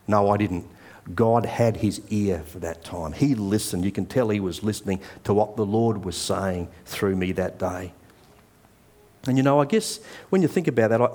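A man's voice: fairly low pitch, dark tone. A middle-aged man, preaching a sermon in a conversational, earnest way and telling a personal story.

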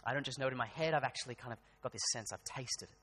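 A man's voice: mid-range voice, racing, a bit bright, slightly rough. Male pastor, casual preaching style with emphatic peaks, church-hall reverb. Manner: conversational preaching with rising emphatic bursts. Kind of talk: sermon.

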